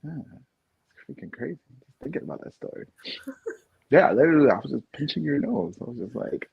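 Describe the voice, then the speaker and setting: Husky guy in his 30s, podcast co-host, laughs a lot, voice jumps all over. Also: a little high, fairly quick. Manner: laughing, animated storytelling. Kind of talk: casual chat.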